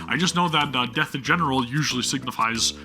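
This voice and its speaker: A man's voice: medium pitch, fast talker, pushed and bright, soft background music. A man reading a game's story aloud, breaking off for chatty, self-deprecating asides to his viewers. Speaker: gameplay streamer.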